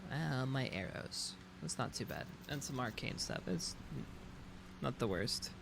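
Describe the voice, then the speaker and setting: A man's voice: medium pitch, animated, a little slow, gravelly, background noise. A man streaming a roleplay game, ranting in exasperation and swearing often. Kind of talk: casual game chat.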